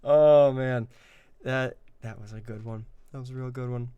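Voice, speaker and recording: A man's voice: mid-range voice, fairly even intonation, moderate pace, smooth, no echo, dull audio. A man chatting casually as a guest game master, rambling and self-deprecating with lots of fillers and restarts. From Ireland. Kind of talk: casual interview chat.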